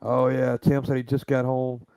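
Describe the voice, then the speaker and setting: A man's voice: mid-range voice, little pitch movement, normal speed, gravelly, darkish tone, no echo. Rambling Southern American man. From Southern United States. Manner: rambling, chatty, many restarts. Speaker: host. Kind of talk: casual live-stream chat.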